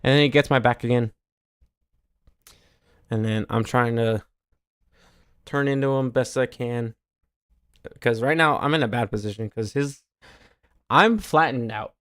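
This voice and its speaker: A man streaming casual commentary as he reviews his own match footage, explaining each move step by step, muttering quietly on asides and turning loud and heated over his own mistakes. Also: a little slow, long pauses, no room sound, clean studio sound. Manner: drops to a low mutter on asides.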